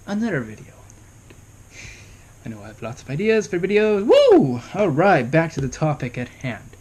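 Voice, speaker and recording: A man's voice: medium pitch, a little hiss or hum. A young man in his early twenties talking casually to camera, giving parenting advice and asking rhetorical questions. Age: young adult. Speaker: vlogger.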